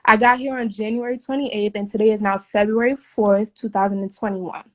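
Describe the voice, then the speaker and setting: A woman's voice: mid-range voice, fairly even intonation, brisk. A young woman, a flight attendant, venting her story in a casual video from a hotel room, indignant and emphatic, swearing often. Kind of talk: casual phone video rant.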